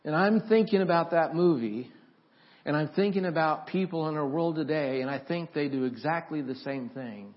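A pastor telling a story in his sermon, animated, with restarts and questions to the congregation. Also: fairly high pitch, normal speed. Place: church. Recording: dull lo-fi church audio.

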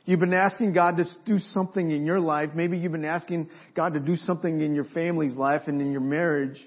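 A man preaching a sermon as pastor, pausing for effect and building to forceful emphasis. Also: on the high side, steady tone, slightly rough. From Mexico. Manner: preaching with dramatic pauses and rising emphasis. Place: church sanctuary. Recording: dull lo-fi sermon recording.

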